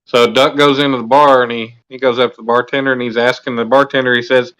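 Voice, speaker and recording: A man's voice: mid-range voice, fairly even intonation, fairly quick, hardly any pauses, fairly bright tone. A man, chatting casually on a livestream and telling jokes with put-on voices.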